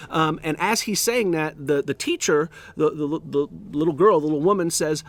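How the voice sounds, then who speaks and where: A man hosting a podcast, telling a story in an animated way with many fillers and restarts. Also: fairly high pitch, a little fast, few pauses, no room sound. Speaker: podcast host. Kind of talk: storytelling monologue.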